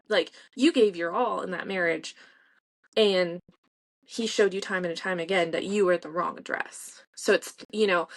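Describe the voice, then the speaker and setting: A woman's voice: mid-range voice, a bit bright. A woman in her thirties, an author, talking casually and openly as a guest in a remote interview and laughing often. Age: 30s. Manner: chatty, laughing often, speaking in quoted inner dialogue.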